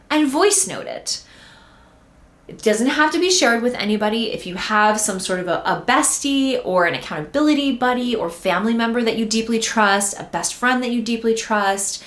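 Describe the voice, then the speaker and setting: Woman singing coach talking straight to listeners, encouraging, mid pitch, echoey room. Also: a bit bright. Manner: encouraging and direct, giving step-by-step exercises. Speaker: singing coach and podcast host. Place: at her home desk. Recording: roomy echo.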